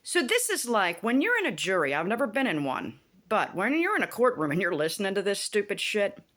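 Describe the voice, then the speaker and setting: A woman vlogging in a casual, indignant rant, animated and swearing freely as she retells a TV plot. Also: medium pitch, brisk. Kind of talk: casual rant about a TV show.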